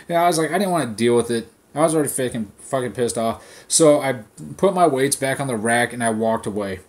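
A man hosting a podcast, ranting in a casual, profane style and telling an animated story, recorded on his phone. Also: medium pitch, quick pace. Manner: swears constantly, animated storytelling. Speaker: podcast host.

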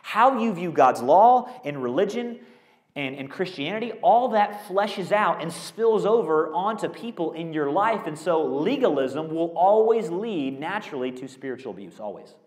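An animated pastor, a man delivers a conversational sermon, piling up rhetorical questions as he goes. His voice sits on the higher side for a man. The sound rings around a large auditorium. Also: normal speed. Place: school auditorium used as a church. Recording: echoey auditorium.

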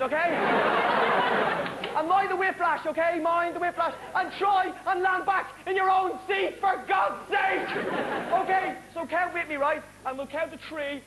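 Brief: high-voiced, excitable male stand-up comic, live TV studio, loud crowd. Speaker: stand-up comedian. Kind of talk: stand-up comedy on a TV show. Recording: live studio audience, noisy broadcast recording.

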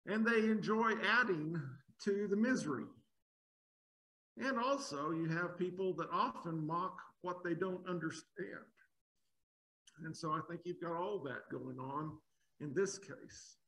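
A man's voice: sits high, a little slow, a bit bright, poor audio. A man preaching an expository sermon, emphatic, asking rhetorical questions and often repeating words as he builds a point.

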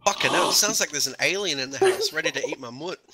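A man's voice: on the high side, lively intonation, fast. Young man joking in a noisy voice chat. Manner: joking, laughing, crude banter. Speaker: gamer in voice chat. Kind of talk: casual chat. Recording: voice chat with loud crowd noise.

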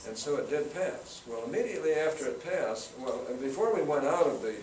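A man's voice: fairly high pitch, lively intonation, fairly quick, darkish tone. Older man telling stories, roomy distant sound. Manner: folksy anecdotal, acts out quotes. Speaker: guest speaker, senator. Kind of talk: storytelling talk to students. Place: campus event room. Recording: roomy, from far off, noisy.

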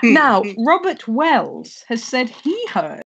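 A woman's voice: on the high side, sing-song, takes it slowly, gravelly, a bit bright, slightly rough, dull audio. A woman co-hosting a comedy show over a video call, reading out listener messages in a dry, playful manner. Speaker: comedy club co-host.

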